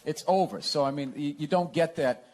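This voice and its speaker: A man's voice: a little high, fairly quick, darkish tone. A man talking in a casual interview, sarcastic and ranting, laughing often as he tells stories. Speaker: comedian guest.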